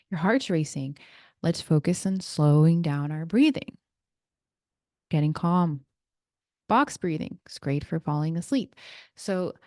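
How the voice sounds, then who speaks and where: Chatty woman with a lowish voice. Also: warm tone, no echo, clean studio sound. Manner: chatty, explains things with asides and small laughs. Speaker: podcast host and breathwork practitioner. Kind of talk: casual solo podcast talk.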